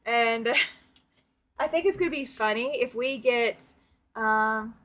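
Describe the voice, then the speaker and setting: Southern woman live-stream host, slightly high voice, chatty, laughs a lot, reads out comments. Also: slow, fairly bright tone. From Southern United States. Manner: chatty, laughs often, talks straight to viewers. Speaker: quilting livestream host. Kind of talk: casual live-stream chat, reading viewer comments.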